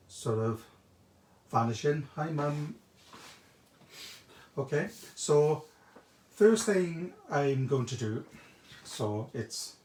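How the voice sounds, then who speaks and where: A man's voice: medium pitch, a little mellow. Chatty man demoing crafts in an echoey room. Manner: chatty, greets viewers by name while working. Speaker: craft shop host demonstrating a technique. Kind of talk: live craft demonstration. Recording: echoey room, faint background noise.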